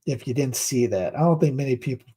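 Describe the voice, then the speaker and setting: This time the North Carolina commentator, a middle-aged man, sounds medium-pitched, dark, and a bit breathy, and he talks fast. On his casual news show he sarcastically reads headlines aloud and mocks them, rambling while he hunts for clips.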